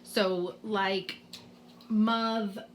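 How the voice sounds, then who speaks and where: A woman's voice: mid-range voice, fairly even intonation, drawn-out words, a little hiss or hum. A middle-aged woman teacher with a Boston accent, explaining spelling rules to parents in a home video lesson, patiently sounding out letters. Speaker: kindergarten teacher.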